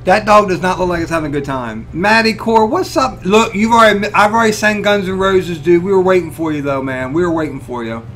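A man hosting a casual live stream, greeting viewers by name and reacting loudly and profanely to pictures they send, often laughing. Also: sits high, brisk, few pauses, faint music behind. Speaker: livestream host.

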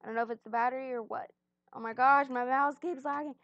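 A woman's voice: sits high, steady tone, fast, fairly bright tone, no echo, lo-fi sound. A young woman commentating a game she is playing, rambling and self-deprecating, at times chewing as she talks. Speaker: gaming channel host. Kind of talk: casual gameplay commentary. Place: at home, on a bed.

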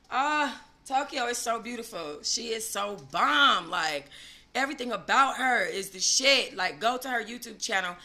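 A woman hosting a gossip live stream, talking casually and animatedly, swinging between loud gushing and low asides. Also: expressive, slow. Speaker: gossip channel host.

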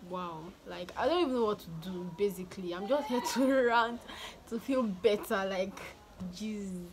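A woman's voice: medium pitch, moderate pace, noisy background. A young woman chatting to her viewers in a casual vlog from home, laughing often and restarting her sentences. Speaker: vlogger.

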